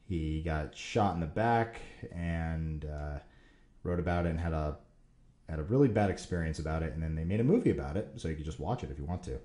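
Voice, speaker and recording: A man with a low, mellow voice hosts a casual question-and-answer show, rambling enthusiastically through viewer questions. His talk is loose and full of fillers. The recording has a roomy echo. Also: a little fast. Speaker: Q&A show host.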